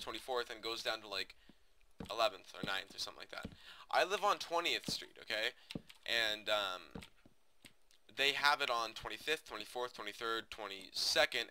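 A man's voice: medium pitch, sharp tone, slight background noise. A young man from the United States chatting casually to viewers over his gameplay, rambling with many fillers and restarts. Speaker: gaming video host.

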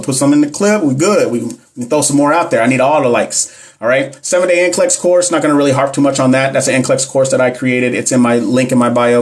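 A fast-talking man runs a casual live stream as a nurse educator. His voice sits at a middle pitch, and his speech is slangy as he addresses the chat directly. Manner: fast-talking, talks fast all the time.

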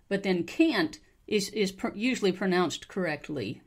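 An American woman with a mild Southern accent, hosting a podcast pronunciation lesson, repeating phrases slowly and carefully for learners to copy. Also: mid-range voice, lively intonation. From United States. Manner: slow, careful modeling of phrases, repeated for practice. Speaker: English teacher, podcast host.

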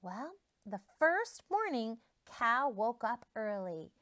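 A woman teacher reading a picture book aloud to young children, pausing to ask them questions and prompt predictions. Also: fairly high pitch. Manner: expressive, asks children questions.

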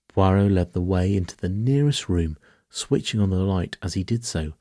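A man reading a bedtime story as narrator, in a soft, even delivery. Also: low-pitched, moderate pace, dry recording, clean studio sound.

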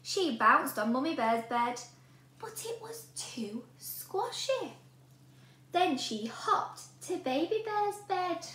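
A woman teacher reading a storybook aloud to children in an animated way, often asking the listener questions. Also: high-pitched, slow. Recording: roomy room with a faint hum.

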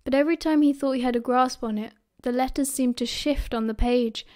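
A woman's voice: high voice, fairly even intonation, a little fast, darkish tone. British woman reading an audiobook. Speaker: audiobook reader. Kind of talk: audiobook narration.

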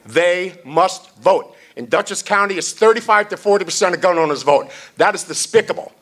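A man's voice: high voice, lively intonation, moderate pace, fairly bright tone. A man chairing a party event, giving a blunt, salty, off-the-cuff rally speech.

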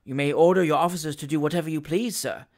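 A reader voicing a firm, indignant older gentleman in an audiobook, speaking with measured dignity. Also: medium pitch, fairly even intonation, natural voice. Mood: firm indignation. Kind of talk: audiobook character voice.

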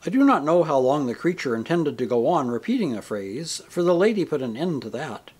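Husky man reading a book aloud. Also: medium pitch. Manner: measured, expressive reading. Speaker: reader. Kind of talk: audiobook reading.

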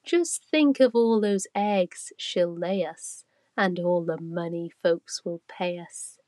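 A woman's voice: on the low side, slow pace, dark tone, no echo. A woman voicing a greedy, scheming male thief in a storybook reading.

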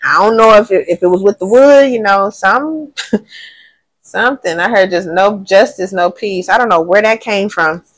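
A woman giving a casual tarot reading to a general audience. She thinks aloud, talks in lively slang, swears now and then and often says she does not know. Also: medium pitch, normal speed. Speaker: tarot reader.

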